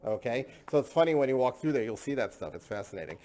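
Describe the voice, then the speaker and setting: A man's voice: mid-range voice, big pitch swings, fast talker, darkish tone. A man hosting a casual tasting discussion, enthusiastic and chatty, often repeating himself. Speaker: host.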